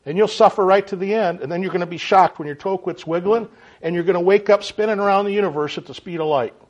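A man preaching a sermon in a folksy, animated way, often checking in with his listeners. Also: sits high, fast talker. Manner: folksy, animated, frequent "right?" and "okay?" to the audience. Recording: dull lo-fi sound.

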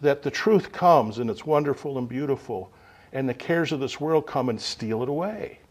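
A man preaching a sermon to a gathering, unhurried, swinging from loud emphasis to quiet asides. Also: mid-range voice.

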